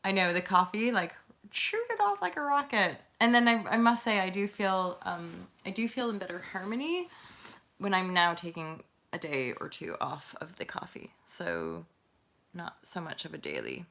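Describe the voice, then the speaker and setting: A woman hosting a live stream from home, talking loosely and laughing often as she answers her viewers. Her voice sits a little low, and she sounds like she is on a webcam mic. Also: expressive, moderate pace, creaky, fairly bright tone. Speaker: host of a live tarot stream.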